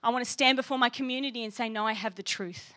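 A woman's voice: a little high, quick pace, bright, forceful tone. A woman pastor preaching a sermon with passion and emphasis, reading scripture aloud.

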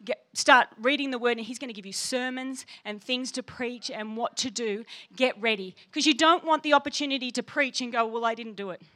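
Woman pastor, bright high voice, fiery emphatic sermon delivery. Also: fairly quick, hardly any pauses. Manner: passionate, emphatic preaching with laughs.

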